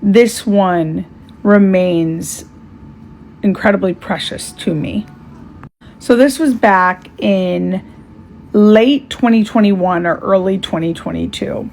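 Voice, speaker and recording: Slow, reflective woman telling her story. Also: medium pitch, a little mellow, a little hiss or hum. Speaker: storyteller sharing a spiritual experience. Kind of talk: casual spoken testimony.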